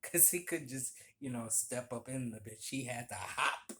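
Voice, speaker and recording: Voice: mid-range voice, moderate pace, pushed and bright, a little hiss or hum. A former barista telling a story in a chatty, gossipy way, laughing often and swearing casually.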